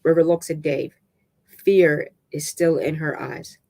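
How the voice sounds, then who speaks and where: In a gravelly voice held at an even mid pitch, a narrator works through a dramatic novel, tripping on words and restarting. The delivery stays unpolished and halting throughout.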